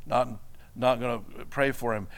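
A man's voice: mid-range voice, fairly even intonation, normal speed, gravelly, lightly acted. A man voicing a stern pastor in a sermon story, giving firm, blunt refusals. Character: stern older male pastor, unbending.

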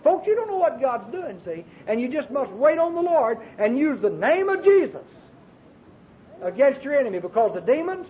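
A Baptist preacher, preaching an emphatic, storytelling sermon with many repeated phrases. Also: male voice, big pitch swings, normal speed. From Arkansas, US. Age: 40s. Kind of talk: fervent sermon. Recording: tinny lo-fi recording with faint hiss and rumble.

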